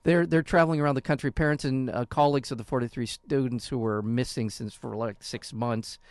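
A man co-hosting a casual talk show, chatting about the news with quick, jokey reactions. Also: mid-range voice, steady tone, no room sound. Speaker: co-host.

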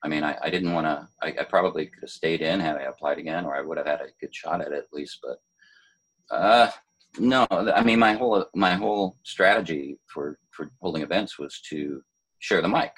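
Low husky older poet, thoughtful. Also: male voice, fairly quick, a bit bright, low-quality recording. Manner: thoughtful, hesitant, many fillers and restarts. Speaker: poet, former city poet laureate. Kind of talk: relaxed interview conversation.

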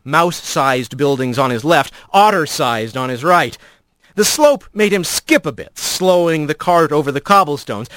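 A man narrating an audiobook in an expressive, animated storytelling manner. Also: fairly high pitch, dry recording.

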